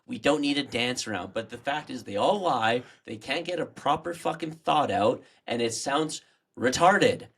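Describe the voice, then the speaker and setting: A man's voice: medium pitch, moderate pace, creaky, fairly bright tone, slightly rough. A man co-hosting a podcast in casual chat, blunt and swearing as he gets fired up. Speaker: podcast co-host.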